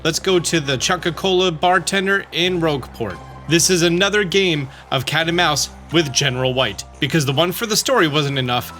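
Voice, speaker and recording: A man hosting a game walkthrough in a relaxed way, often saying "let's go ahead". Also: fairly high pitch, moderate pace, few pauses, faint music behind. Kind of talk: let's-play commentary.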